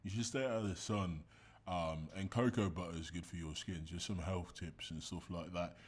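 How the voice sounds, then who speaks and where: A man's voice: low voice, moderate pace, slightly rough. A man giving casual, sarcastic commentary and mocking the person on screen.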